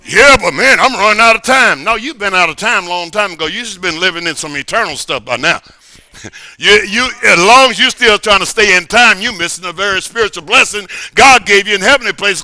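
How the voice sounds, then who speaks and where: High, intense, forceful preaching man. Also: moderate pace. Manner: emphatic, repetitive preaching with sudden shouts and quiet asides. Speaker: pastor. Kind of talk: sermon. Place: church sanctuary during a service.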